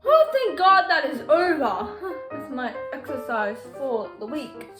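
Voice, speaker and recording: A teenage girl performs a comic solo stage scene as a gushing, exasperated reality show host. Her high voice swoops widely, and she takes her time with the lines. Music plays clearly behind her. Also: sing-song, slow. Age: teens. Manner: dramatic, gushing, exasperated asides. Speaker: student actor playing a reality show host.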